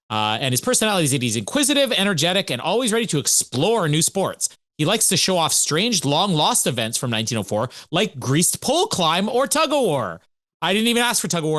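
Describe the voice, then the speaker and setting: A man co-hosting a podcast, telling stories in an animated, chatty way. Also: a little high, no echo. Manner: animated, chatty storytelling with laughs. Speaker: podcast co-host. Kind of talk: casual podcast chat.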